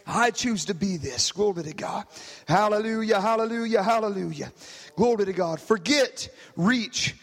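A man preaching a sermon, dropping to quiet, low stretches and rising to shouted climaxes, with "hallelujah" and "glory to God" between lines. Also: moderate pace, vocal fry. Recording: long reverb of a church hall.

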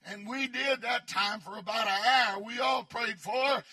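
A male pastor preaching fervently and telling folksy stories, shouting at times for emphasis. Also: very high-pitched, normal speed, breathy edge. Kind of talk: sermon with folksy storytelling.

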